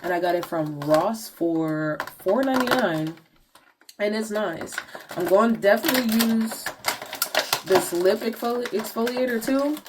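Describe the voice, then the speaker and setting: A woman's voice: medium pitch, expressive, measured pace, background noise. A young woman vlogger chatting casually to viewers in slangy talk while walking through her skincare routine. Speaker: beauty vlogger.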